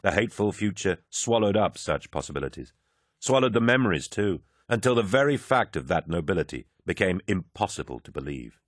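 A man narrating an audiobook in a measured, dramatic storytelling manner. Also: low-pitched, very animated, no echo, studio quality.

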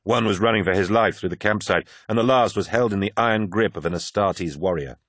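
A man narrating a science-fiction audiobook in a steady, measured way. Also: on the low side, no echo, clean studio sound. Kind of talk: scripted narration.

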